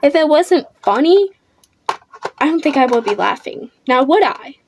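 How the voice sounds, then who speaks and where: A woman's voice: high voice, expressive, measured pace, slight background noise. A teenage girl telling a storytime vlog while doing her makeup, blunt, defiant and full of swearing. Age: teens. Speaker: vlogger. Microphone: camera under a ring light.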